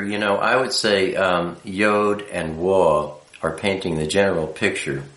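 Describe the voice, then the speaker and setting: Slow, deep-voiced man teaching. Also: a bit bright, echoey room. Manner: halting, many fillers, patient explaining. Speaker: teacher of Hebrew letters. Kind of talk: unscripted teaching talk.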